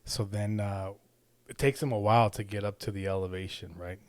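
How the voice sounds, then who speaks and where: On a smooth recording with no echo, a man with a fairly low, slightly mellow voice talks briskly with fairly even intonation. He's a young-adult to middle-aged father and podcast co-host telling a rambling, casual, profanity-heavy story while checking in with "right?"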